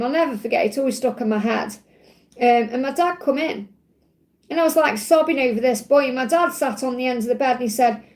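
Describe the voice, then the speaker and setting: A woman's voice: high-pitched, darkish tone. A woman doing a live-stream card reading, chatty and affectionate, with rambling asides. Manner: chatty and affectionate, addresses viewers with endearments; rambling, with frequent fillers and asides. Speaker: tarot card reader.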